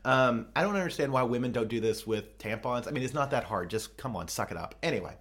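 A man's voice: medium pitch, animated, fast, a bit bright, slightly rough. A man co-hosting a casual podcast, telling a rambling, crude, joking story. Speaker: podcast co-host. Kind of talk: casual chat.

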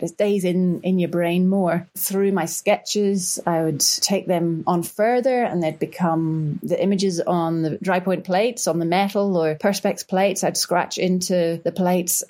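A woman with a Northern Irish accent, a guest artist who tells relaxed stories with frequent laughs and restarts. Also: lowish voice. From Northern Ireland. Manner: lively, laughs often, repeats words when starting sentences. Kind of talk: relaxed storytelling interview.

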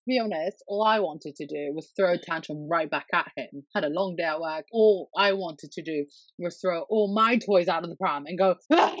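A woman, a mother and podcast guest, chatting casually and telling stories with lively acted-out quotes and the odd swear word. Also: fairly low pitch, normal speed, no room sound, lo-fi sound. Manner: animated storyteller, swears freely, acts out quotes.

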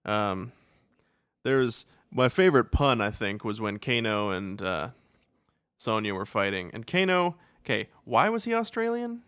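A man's voice: lowish voice, very animated, a little slow, a bit bright, clean tone, no room sound, studio quality. A man co-hosting a podcast, rambling casually about a movie, laughing often and acting out silly quotes. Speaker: podcast co-host. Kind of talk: casual movie review chat.

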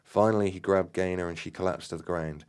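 A man's voice: low voice, steady tone, fast talker, a little mellow, clean tone, close to an everyday voice. A man voicing a shaken, exhausted man recounting a fight with small hesitations. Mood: weary. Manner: plain retelling, with small hesitations.

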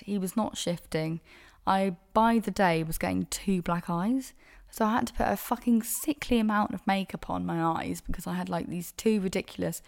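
A young woman hosting a podcast, telling a dating story in a frank, sweary, animated way. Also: medium pitch, vocal fry. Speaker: podcast host. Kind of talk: casual solo storytelling.

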